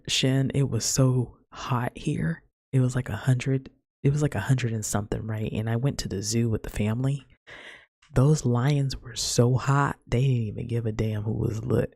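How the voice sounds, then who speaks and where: Gravelly-voiced woman hosting a casual podcast. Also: rumbling low, fairly even intonation, normal speed, warm tone, dry recording, studio quality. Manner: rambling, chatty, peppered with "like" and "man". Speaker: podcast host. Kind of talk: casual solo podcast chat.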